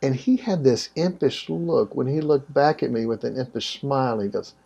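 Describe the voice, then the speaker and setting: A man speaking in a casual interview conversation, telling stories in an animated way with sudden jumps in pitch. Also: normal speed, vocal fry, breathy edge, muffled recording.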